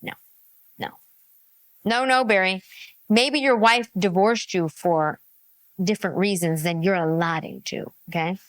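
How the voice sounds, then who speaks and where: A woman hosting a reaction commentary, exasperated and animated, often laughing. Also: mid-range voice, measured pace, long pauses, no room sound. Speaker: reaction host.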